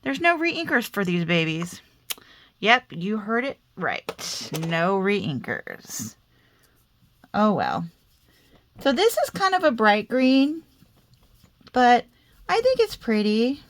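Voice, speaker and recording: A woman's voice: fairly high pitch, wildly swooping pitch, slow pace, long pauses. Chatty woman with a slight Southern accent. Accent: slight Southern American. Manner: chatty, self-deprecating, talks to herself while working. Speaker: crafting video host. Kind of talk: casual crafting tutorial.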